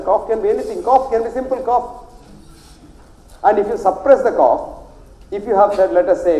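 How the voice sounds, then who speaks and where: Older South Indian doctor, dark echoey voice. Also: male voice, high-pitched. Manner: rambling, emphatic, repeats phrases for stress. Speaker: doctor giving a health talk. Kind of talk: lecture to an audience. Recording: echoey hall.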